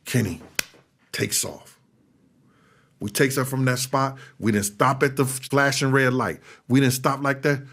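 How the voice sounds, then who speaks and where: A former bodyguard telling a story in an interview, animated and acting out what others said. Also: male voice, a little slow, vocal fry. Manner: animated, acts out other people's lines with big jumps in pitch. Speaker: former bodyguard recounting events.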